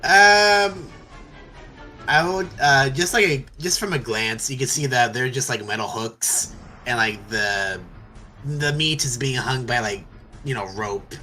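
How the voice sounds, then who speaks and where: A young man running a tabletop game as game master, talking haltingly with many fillers and counting moves aloud. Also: mid-range voice, sharp tone, faint music behind.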